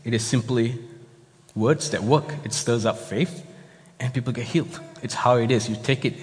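A man's voice: mid-range voice, moderate pace. Man preaching in a reverberant hall. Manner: conversational, explanatory preaching. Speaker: pastor. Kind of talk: sermon.

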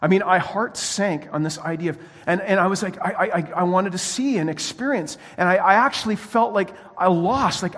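A male pastor delivers a sermon in an animated storytelling way, often restarting his sentences. His voice sits high and has a husky edge. The sound carries a long reverb, as if recorded in a church hall. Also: a little fast, few pauses.

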